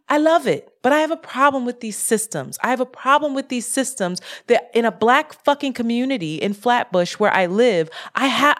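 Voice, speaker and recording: A woman co-hosting a podcast, talking casually in a profane, animated rant about money and frustration. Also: on the high side. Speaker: podcast co-host. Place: lives in Brooklyn.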